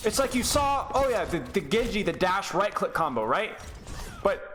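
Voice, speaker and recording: A man's voice: high-pitched, sing-song, normal speed, a bit bright. A young man coaching as he reviews a game, sarcastic and mocking, breaking into laughter. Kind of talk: live gameplay review coaching.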